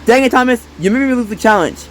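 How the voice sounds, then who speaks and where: A man's voice: very high voice, expressive, fast talker, a little hiss or hum, pitched above the performer's own voice, rough recording. A man voicing a whiny, competitive male plush toy contestant who grumbles bluntly. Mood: grumbling.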